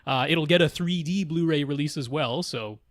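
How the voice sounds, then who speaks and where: A man co-hosting a tech podcast in casual chat, calmly clarifying and agreeing with his partner. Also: a little high, moderate pace, no room sound, clean studio sound. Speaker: podcast co-host.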